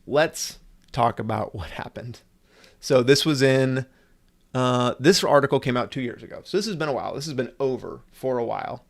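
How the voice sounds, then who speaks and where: Profane gravelly man ranting on a livestream. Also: mid-range voice, normal speed. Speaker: livestream host. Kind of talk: casual livestream commentary.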